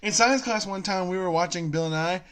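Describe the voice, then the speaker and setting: A man's voice: sits high, normal speed, fairly bright tone. A young man chatting casually with a friend, laughing often and telling long jokes in which he voices the characters. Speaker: co-host.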